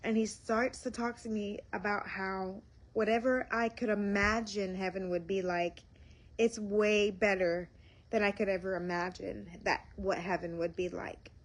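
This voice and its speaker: A woman speaking live to her viewers from home, slow and earnest, audibly emotional and near tears as she shares a personal faith experience. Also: mid-range voice. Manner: slow, tearful, heartfelt and earnest. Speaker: faith livestream host. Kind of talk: emotional live-stream testimony. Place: home, indoors.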